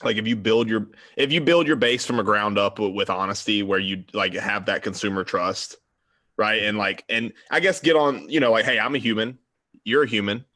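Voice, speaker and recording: A man who runs a supplement store, speaking in an energetic, emphatic way in a casual roundtable chat. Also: fairly low pitch, normal speed, no room sound.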